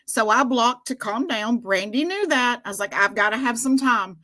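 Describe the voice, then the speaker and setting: A woman's voice: on the high side, lively intonation, normal speed, pushed and bright, poor audio. A woman co-hosting a casual livestream, speaking bluntly and defensively.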